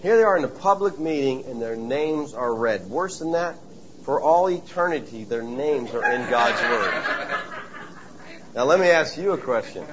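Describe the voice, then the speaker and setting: A man preaching a sermon, telling stories and acting out voices with lively animation. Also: medium pitch, moderate pace, lo-fi sound, a little hiss or hum. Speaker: pastor.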